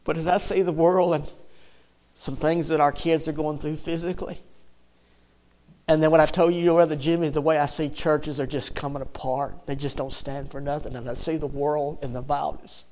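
A man preaching a sermon, emotional, swinging from loud calls to the congregation to hushed storytelling. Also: a little high, flat delivery, moderate pace. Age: 60s.

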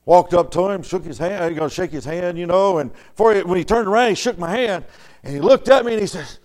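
A man preaching a storytelling sermon in a folksy way, dropping to soft murmurs and rising to loud, emphatic lines. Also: high voice, quick pace.

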